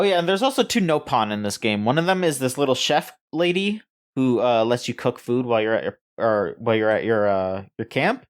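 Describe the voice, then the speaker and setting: A man co-hosting a casual gaming news podcast, rambling and halting with frequent restarts and fillers. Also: medium pitch, smooth. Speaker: podcast co-host.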